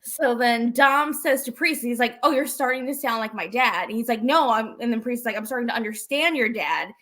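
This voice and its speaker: High-voiced chatty woman recapping. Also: a bit bright. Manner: chatty, acts out quotes in quick recaps. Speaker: podcast co-host. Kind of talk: casual wrestling recap chat.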